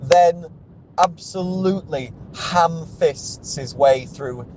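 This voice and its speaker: A man's voice: on the high side, slow, darkish tone, a little hiss or hum, low-quality recording. A young man, a car sales executive ranting in a vlog, exasperated and swearing often, with restarts as he goes.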